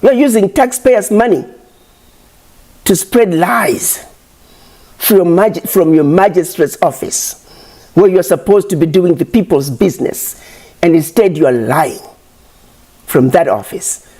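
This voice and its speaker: A woman's voice: fairly low pitch, a little slow, long pauses, mellow, husky. A woman giving an impassioned public address, scolding her critics with repeated rhetorical questions.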